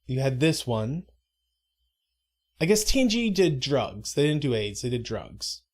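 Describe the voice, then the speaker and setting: A man's voice: medium pitch, expressive, a little slow. A man co-hosting a live stream, rambling casually with self-interruptions and mock-dramatic asides. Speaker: stream co-host. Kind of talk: casual live commentary chat.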